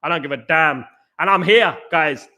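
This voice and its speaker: Host, male, middle-aged; bright, sharp tone, outspoken and repetitive in casual stream chat. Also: a little high, moderate pace. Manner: blunt, outspoken, repeats his phrases. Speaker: livestream host reading viewer comments. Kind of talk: casual live-chat commentary.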